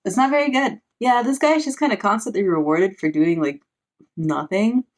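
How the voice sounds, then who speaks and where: A woman's voice: medium pitch, normal speed. A woman, a parent, giving a casual, sarcastic recap of a book, full of "like" fillers. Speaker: book reviewer.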